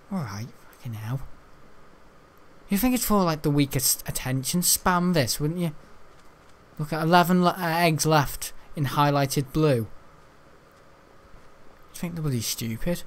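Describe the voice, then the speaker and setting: A young man giving crude, excitable gaming commentary, often laughing. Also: a little high, measured pace, pauses often. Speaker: gaming channel host.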